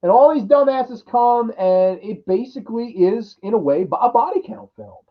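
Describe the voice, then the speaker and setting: A man's voice: extremely high pitch, lively intonation, normal speed. A man ranting through a crude, exasperated horror movie review, mocking the characters in put-on voices. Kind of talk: profane ranting film review. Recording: dull lo-fi audio.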